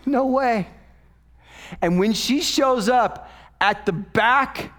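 A male pastor preaching a sermon, swinging from loud, emphatic peaks to hushed whispers. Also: very high voice, very slow.

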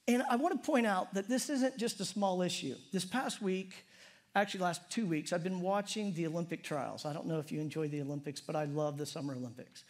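A middle-aged man preaching a conversational, humorous sermon in a church. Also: a little fast. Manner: conversational and humorous, prayer drops soft and low. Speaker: pastor.

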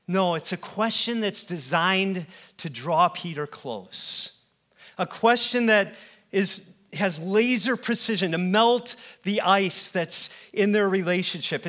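A man with a fairly high voice delivers an earnest sermon in a church. He builds his points through repetition, then drops to hushed tones to let them land. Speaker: pastor.

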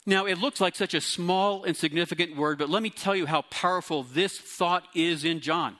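A middle-aged man preaching a sermon to his congregation, teaching and explaining Greek words with lively emphasis. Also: sits high, normal speed. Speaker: pastor.

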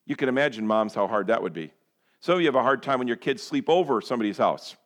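A man preaching a sermon who swings between loud and hushed delivery and acts out prayers and quoted lines. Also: mid-range voice. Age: adult parent. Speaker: pastor.

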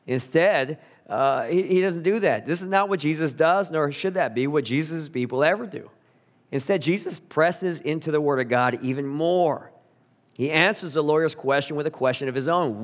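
A male pastor delivers an earnest, emphatic sermon, leaning on key words with slow, deliberate phrasing. His voice sits a little higher than most men's and rings out with a long reverb through a large church hall.

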